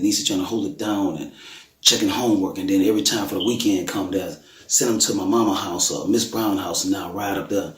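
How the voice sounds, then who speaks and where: A man's voice: low voice, steady tone, brisk, fairly bright tone. A middle-aged man telling his daughter's testimony in a colloquial, earnest way, acting out quotes with sudden bursts. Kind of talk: emotional testimony storytelling. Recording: echoey room.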